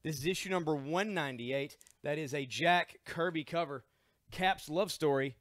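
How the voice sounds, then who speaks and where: A man with a fairly high voice hosts a live-stream sale in a comic book store. He talks in chatty, joking patter, listing issues and prices. His voice is dry and close to the mic. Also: normal speed, fairly bright tone, no room sound. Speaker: comic shop host running a live sale. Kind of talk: live-stream sales pitch.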